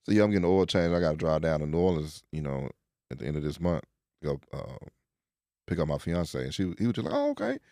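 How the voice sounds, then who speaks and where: A young man hosting a casual podcast chat, telling a story in an animated way and acting out the people he quotes. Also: very deep voice, quick pace, dry recording, studio quality. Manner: animated storyteller who acts out quoted voices. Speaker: podcast host.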